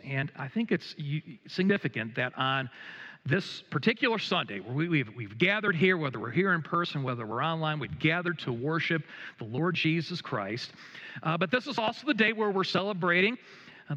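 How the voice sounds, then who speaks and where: A middle-aged man preaching a sermon as a pastor, telling a gently humorous story with many hesitations and restarts. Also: a little high, in a large hall, muffled recording. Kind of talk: sermon with personal anecdote. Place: church sanctuary.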